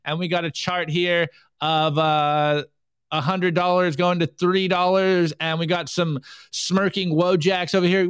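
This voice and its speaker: A man hosting a casual livestream, reading memes aloud and tossing in quick asides. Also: sits high, flat delivery, fairly bright tone, clear, resonant tone, dry recording. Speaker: show host.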